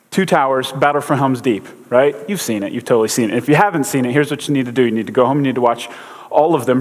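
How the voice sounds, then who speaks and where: A man giving a casual sermon, a chatty, joking storyteller with lots of fillers. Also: mid-range voice. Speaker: pastor. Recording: long hall reverb.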